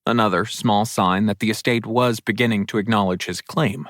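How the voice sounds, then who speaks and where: A man narrating a fantasy audiobook in a steady, descriptive read. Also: lowish voice, normal speed, no echo, studio quality. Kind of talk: scripted narration.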